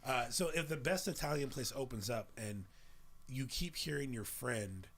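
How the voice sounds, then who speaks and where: A podcast host in his thirties chats casually and animatedly, his mid-range voice a bit bright at a moderate pace. He swears freely and does voices while retelling scenes.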